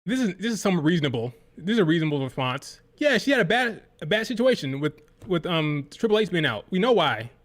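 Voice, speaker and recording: Male streamer, fairly high voice, fired-up, profane, exasperated rant into a desk mic. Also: sing-song, a little fast, few pauses. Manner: heated, profane, exasperated ranting. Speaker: livestream host. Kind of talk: ranting live-stream reaction.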